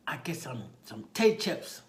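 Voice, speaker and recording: A man's voice: big pitch swings, a little slow. A man voicing a small, scared little boy who talks in short, broken phrases. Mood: eager. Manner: childlike clipped grammar, voice pitched way up.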